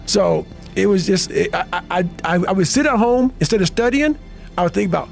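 A man's voice: sits high, animated, normal speed, creaky, faint music behind. A man telling his own story as a podcast guest, blunt, profane and emphatic, often repeating words as he pushes a point. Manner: repeats words when fired up. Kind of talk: intense motivational storytelling.

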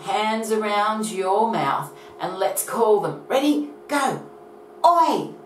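A woman's voice: medium pitch, slow pace, slight background noise. A woman teaching phonics to young children, telling a story and coaxing them to join in. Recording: roomy echo from a distance.

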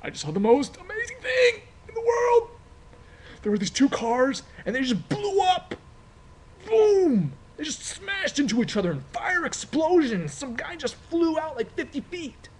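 A man playing a teenage boy who tells a friend about a crash in wild, shrieking excitement. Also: extremely high pitch, unhurried, voice pushed up, full character voice. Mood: ecstatic. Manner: shrieking, breathless, over-the-top excitement. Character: teen boy gushing to a friend, wildly excited.

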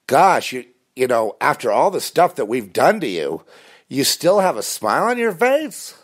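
A man's voice: low voice, big pitch swings, brisk, exaggerated voice. A man voicing a sarcastic, taunting stranger in a mocking, sing-song voice. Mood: mock-cheerful.

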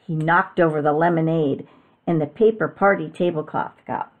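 A woman reading a storybook aloud as a teacher, expressive and adding sound effects. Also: low-pitched, moderate pace, narrow, tinny audio.

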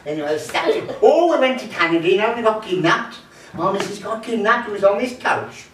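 A man's voice: high-pitched, expressive, brisk, a bit bright, slight background noise. A man at a folk club telling rambling comic anecdotes, chatty and jokey with lots of fillers. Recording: echoey room, mic from far off.

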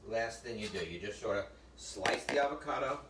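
Talking a little fast with lively intonation, a middle-aged cooking show host with a lowish voice chats, jokes, and tells stories to viewers as he cooks. Heavy background noise is present, and the echoey kitchen is picked up from a distance with faint ambience.

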